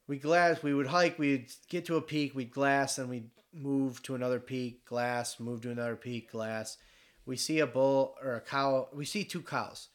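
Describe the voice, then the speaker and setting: Chatting casually in a mid-range voice, a man from Michigan recounts a hunting story. He gets animated, curses without restraint and imitates the voices of the story's characters.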